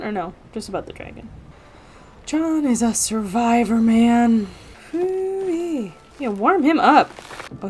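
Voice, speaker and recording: A woman hosting a reaction video, commenting casually and excitably, gasping and talking to the screen. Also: a little high.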